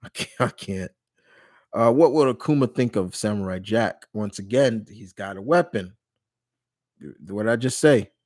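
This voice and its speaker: A man's voice: on the low side, normal speed, darkish tone. Rambling man hosting a live Q&A. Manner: rambling, with frequent restarts and self-corrections. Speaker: live stream host answering viewer questions. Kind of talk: casual live Q&A chat.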